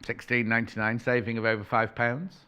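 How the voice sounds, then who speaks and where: A man's voice: mid-range voice, little pitch movement, a little fast, pushed and bright, clear, resonant tone. A man presenting on a shopping channel, chatting playfully in live sales patter, correcting himself and reading out prices as he goes.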